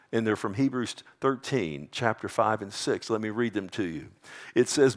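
A middle-aged male pastor delivers a sermon in a mid-pitched voice. He pulls down into soft, slow, almost whispered lines and then rises into loud, emphatic declarations, his delivery swinging widely.

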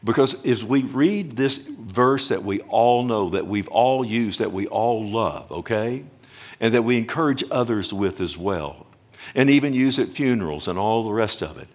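Guy preaching a sermon, big swings loud to quiet, drags out words for emphasis. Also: fairly low pitch, expressive. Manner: emphatic, swings between loud and hushed, addresses the congregation directly; slows down to stress words. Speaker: pastor.

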